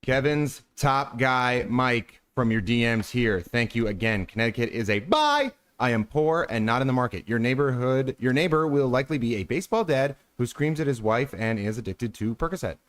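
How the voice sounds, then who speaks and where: A man reads viewers' chat messages out loud on a live stream in a flat, even delivery. His voice sits at an ordinary middle pitch for a man. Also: normal speed, hardly any pauses. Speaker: co-host reading viewer messages. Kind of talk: reading chat messages aloud.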